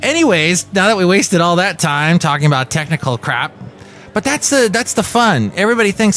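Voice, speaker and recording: A man's voice: high voice, big pitch swings, fairly quick, a bit bright. A man hosting a jokey podcast, rambling with fillers and asides. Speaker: podcast host. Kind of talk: comic podcast chat.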